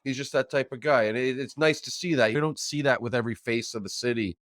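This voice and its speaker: A male podcast host talks in a relaxed, encouraging way with an easy conversational flow. His voice has an ordinary middle pitch. The sound is close and dry. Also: fast, no room sound. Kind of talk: casual interview chat.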